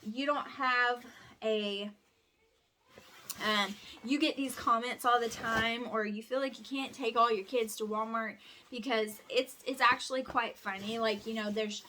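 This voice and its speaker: Her voice is a little high, steady, bright and forceful, with a measured pace and a bit of background noise. She's a sleep-deprived vlogger and homeschooling mom from Alabama, chatting and rambling with frequent restarts while she folds laundry inside her home.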